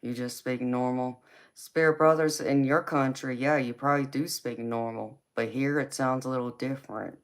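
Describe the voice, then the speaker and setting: This woman's voice is rumbling low and moves at a moderate pace. She's a tarot reader from California with a Georgia Southern accent, answering viewers in casual live chat, relaxed and drawling, calling folks baby.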